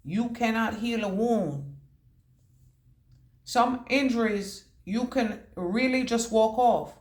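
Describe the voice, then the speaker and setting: A woman's voice: on the high side, slow pace, echoey room. Woman giving a punning intuitive reading. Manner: free-associating, punning, casually cussing. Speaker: intuitive reader.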